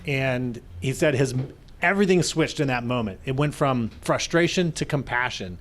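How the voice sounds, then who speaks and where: An earnest man co-hosting a live podcast conversation. His voice sits at a middle pitch, and he slips into quoted voices as he retells stories. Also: expressive, moderate pace. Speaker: podcast co-host.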